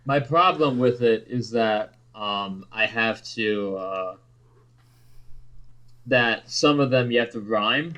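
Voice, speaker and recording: A young man on a podcast with a mid-range voice. He stalls with ums while thinking and tosses out quick joking reactions. The tone is loose and conversational. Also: medium pitch, pushed and bright, lo-fi sound. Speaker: podcast co-host. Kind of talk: casual chat.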